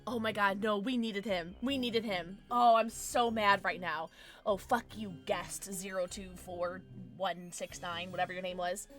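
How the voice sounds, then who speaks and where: A young woman streaming a video game, excitable, swearing and joking about her own play. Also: mid-range voice, a little slow, soft background music. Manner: excitable, swears a lot, self-deprecating. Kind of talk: live gameplay commentary.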